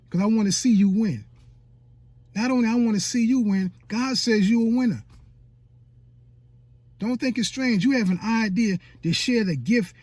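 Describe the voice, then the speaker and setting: A man's voice: sits high, dark tone, no echo. A man giving a faith-based motivational talk as a YouTube coach, emphatic and repetitive like a preacher.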